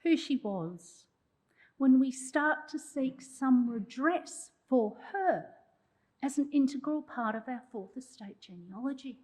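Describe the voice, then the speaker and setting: A woman's voice: high-pitched, lively intonation, slow, darkish tone, poor audio. A woman, a journalism historian delivering a prepared public lecture with wry asides to the audience. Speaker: journalism historian giving an oration.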